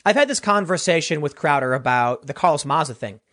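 A man doing solo political commentary, animated and rambling, often restarting his sentences. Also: fairly high pitch, a little fast.

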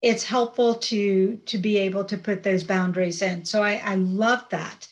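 A woman hosts the conversation at a medium pitch, speaking in a measured, even way. She sets up each topic briefly before handing over to her guest. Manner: measured, leads topics with short summaries. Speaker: podcast host. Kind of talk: interview hosting.

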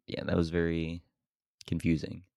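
A man's voice: sits low, completely flat delivery, moderate pace, vocal fry, mellow, dry recording, studio quality. A man co-hosting a podcast, chatting about movies in a laid-back way, laughing often and calling his friend bro. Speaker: podcast co-host. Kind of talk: casual film discussion.

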